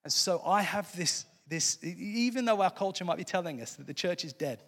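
A man's voice: high-pitched, expressive, fairly quick, in a large hall. A man preaching an impassioned sermon as pastor of his church, earnest and fervent, often restarting his phrases.

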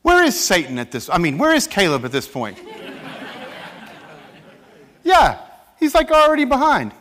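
A pastor delivers a church sermon in an animated way, acting out scripture quotes as he goes. His voice is high and his pace moderate, with a faint crowd audible.

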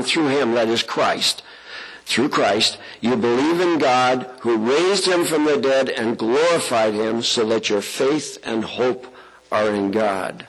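A man's voice: medium pitch, a bit bright, slightly rough, poor audio. A middle-aged man preaching a sermon, talking conversationally and asking his congregation rhetorical questions, with his voice rising for emphasis. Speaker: pastor.

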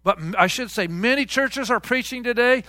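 A man's voice: very high-pitched, moderate pace, pushed and bright, dry recording, clean studio sound. A man preaching a sermon as pastor, conversational, calling out questions to the congregation. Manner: conversational, call-and-response with congregation.

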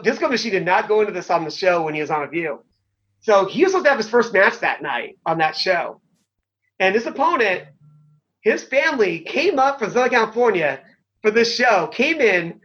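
A high-voiced middle-aged man spins loose, rambling stories, packed with fillers and casual swearing. The recording sounds dull and lo-fi, with the top end rolled off. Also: a bit bright. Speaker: former pro wrestler, guest. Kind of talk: casual storytelling.

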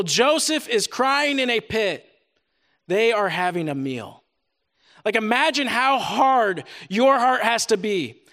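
A man's voice: very high voice, pushed and bright. A young adult man reading scripture and preaching at a retreat, talking casually with lots of "like" and growing intense. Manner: reads scripture then preaches with rising intensity; casual filler "like" while preaching. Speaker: retreat speaker.

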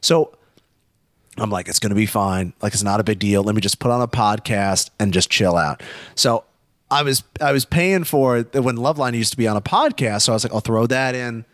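A young man telling a story in casual chat, animated, swearing often and acting out quotes. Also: lowish voice, a little fast, no room sound, studio quality.

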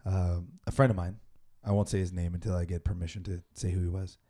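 Low mellow-voiced laid-back man. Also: level tone, fast. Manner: laid-back, rambling anecdotes. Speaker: podcast host. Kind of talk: casual conversation, storytelling.

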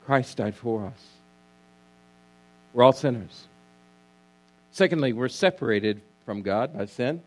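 A man's voice: mid-range voice, expressive, slow, long pauses, a little mellow. A male pastor preaching a sermon, emphatic and repetitive, calling on the congregation to answer. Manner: emphatic preaching, repeats key words, asks congregation to respond.

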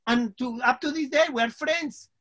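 A man's voice: very high-pitched, normal speed, fairly bright tone. A man recounts a personal testimony in earnest, emphatic English. He keeps turning to his listeners to check that they are following. The delivery is heartfelt and conversational. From Colombia. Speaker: guest sharing a personal testimony. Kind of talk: spoken testimony at a Q&A.

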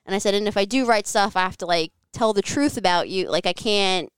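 A woman's voice: medium pitch, fairly quick, clean tone, dry recording. A woman guest telling a personal story in casual conversation, candid and frank, with plenty of "like" and the odd curse. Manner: frank, profane, filler-heavy with frequent "like". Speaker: podcast guest. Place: home living room.

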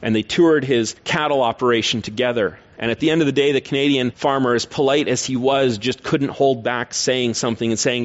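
A male preacher gives a sermon in an earnest, teacherly manner and keeps turning to rhetorical questions. His voice sits at a medium pitch. The recording sounds somewhat dull and lo-fi. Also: fairly even intonation, a little fast, few pauses.

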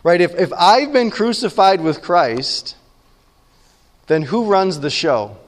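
A pastor giving a conversational sermon, often checking in with the room with quick questions. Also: male voice, high-pitched, expressive, in a large hall.

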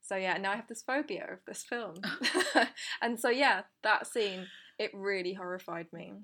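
Woman podcast co-host, casual film chat, hesitant, restarts often, middle pitch. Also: measured pace, pushed and bright.

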